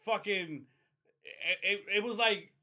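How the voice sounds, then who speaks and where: His voice sits high and he takes it slowly. On a podcast, this young man spins a long, profane story for his friends in casual conversation, lively and doing the voices of each character.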